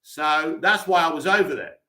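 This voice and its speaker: A man's voice: fairly high pitch, moderate pace, pushed and bright. A man with an English accent, hosting a live stream, reading viewer comments aloud and answering them with blunt, dismissive opinions.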